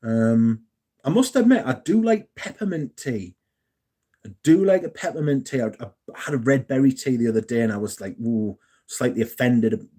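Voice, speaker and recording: A man's voice: mid-range voice, warm tone. A young man hosting a casual live stream, chatting in a jokey way and reading out messages from the chat. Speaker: livestream host.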